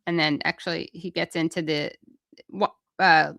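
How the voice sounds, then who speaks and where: A woman's voice: low-pitched, steady tone, moderate pace, gravelly, fairly bright tone, no echo, clean studio sound. A woman hosting a political talk show, reading quotes aloud and adding wry comments. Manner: reads quotes aloud, then adds her own wry comments. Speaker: host.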